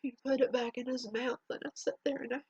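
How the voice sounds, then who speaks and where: A woman telling a painful personal story in a halting, emotional way, her voice trembling near tears, in a dull lo-fi home recording. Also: high-pitched, flat delivery, a little mellow, husky, no room sound. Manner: halting, emotional, with restarts and long pauses. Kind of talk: personal spoken testimony.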